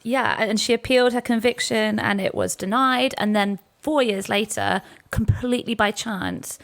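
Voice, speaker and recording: A woman's voice: a little high, normal speed. A woman co-hosting a history podcast, recounting events in a storytelling manner. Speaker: podcast co-host. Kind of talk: casual history podcast chat.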